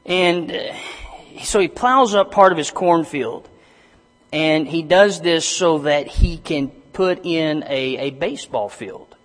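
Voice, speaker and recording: Male preacher, higher-pitched, hesitant delivery, long church reverb. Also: a bit bright. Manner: halting, many restarts and fillers, rising to emphatic reading. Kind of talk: sermon.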